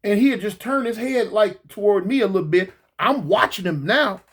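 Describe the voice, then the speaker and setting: An animated storyteller with a husky voice, spinning a casual tale in slangy speech. The pitch swings widely, and the teller keeps repeating words and slipping into acted-out voices. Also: normal speed. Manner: acts out voices in quotes.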